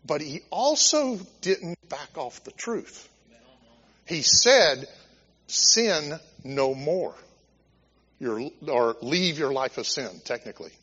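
A man's voice: on the high side, lively intonation, takes it slowly, fairly bright tone, breathy edge. Guy preaching a sermon, fired up and chatty, voice swinging all over, kinda muffled recording. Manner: impassioned, conversational preaching with restarts. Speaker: pastor. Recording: dull lo-fi recording with long hall reverb.

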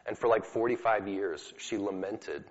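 A man speaks to an audience in a casual, story-driven teaching style, full of fillers and asides. His voice sits a little low. The recording is dull and lo-fi, with a long echo from a large hall. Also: normal speed. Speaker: speaker teaching about healing prayer. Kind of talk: conversational teaching talk to an audience.

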